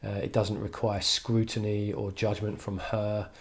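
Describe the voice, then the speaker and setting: A man's voice: on the low side, level tone, unhurried. A man teaching an English literature lesson online, talking thoughtfully with frequent "um"s and restarts. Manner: thoughtful, hesitant with frequent fillers.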